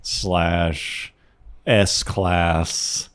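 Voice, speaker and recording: A man's voice: low voice, little pitch movement, very slow, clear, resonant tone. A man co-hosting a car podcast in casual chat, musing aloud and asking lots of questions. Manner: musing, asks lots of questions, laughs often. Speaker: podcast co-host.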